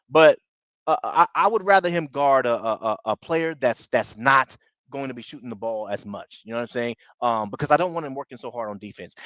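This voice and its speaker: A man's voice: mid-range voice, a bit bright, dry recording, highs cut off. A man hosting a basketball live stream, chatting casually in slang, greeting viewers and repeating himself as he talks through matchups. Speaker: basketball channel host.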